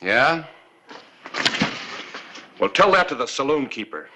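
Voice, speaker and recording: A man's voice: mid-range voice, takes it slowly, background noise. An actor playing a frontier lawman who speaks firmly and steadily in a 1950s TV western. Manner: firm and steady.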